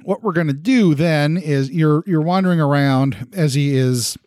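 A man's voice: fairly high pitch, moderate pace, a little mellow. A man acting as game master, narrating a tabletop game in a casual, easygoing way.

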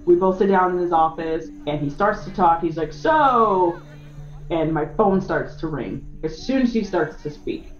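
A young woman, a soccer player, retelling a personal story in an interview, with lively acted quotes. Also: deep voice, normal speed, few pauses, highs cut off, soft background music.

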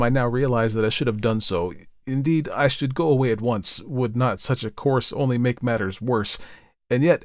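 A man reading the part of an earnest, lonely young gentleman who speaks formally in a storybook. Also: medium pitch, no echo, clean studio sound, voice pushed up, close to an everyday voice.

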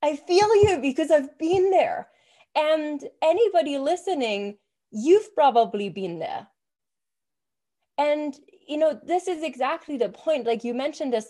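A young adult woman co-hosting a casual podcast as a business coach, energetic and swearing freely, with lots of "like" fillers. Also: fairly high pitch.

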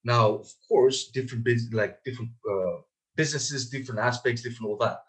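Man, sales trainer, emphatic, animated, filler-heavy casual coaching, average pitch. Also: fairly quick. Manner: lots of "like" and "you know" fillers. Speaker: podcast guest, sales trainer.

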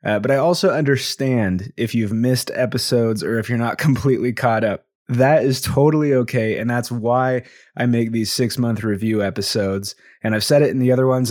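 A man's voice: mid-range voice, a little mellow, no room sound, clean studio sound. A man hosting his own podcast, talking casually to listeners in an upbeat, thankful way with frequent fillers. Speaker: podcast host.

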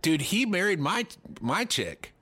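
A man's voice: sits high, big pitch swings, unhurried, sharp tone, husky. A man in his forties, co-hosting a casual comedy chat, rambling and self-deprecating with crude jokes. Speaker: podcast co-host.

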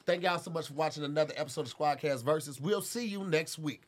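A podcast host in casual group chat, lively and joking, swearing freely. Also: mid-range voice, fast.

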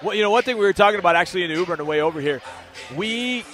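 A man's voice: high-pitched, animated, very fast, a bit bright. A man co-hosting a radio show, chatting casually in a jokey, playful way. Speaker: radio co-host. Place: on location at a bar in London. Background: music.

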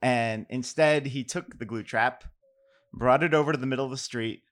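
A middle-aged man from New York tells a rambling, self-deprecating story before reading his poems. He speaks at an average pitch, loose and unhurried, with plenty of "um"s and restarts. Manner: relaxed, self-deprecating, many fillers and restarts. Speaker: poet giving a reading. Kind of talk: casual anecdote and poetry reading.

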